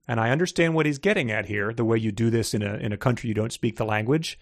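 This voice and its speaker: A man co-hosts a casual book talk, joking and building to mock outrage. His voice is mid-pitched and lively. The recording is close and dry. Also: quick pace, no echo. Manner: animated, jokey, rising to mock outrage. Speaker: podcast co-host.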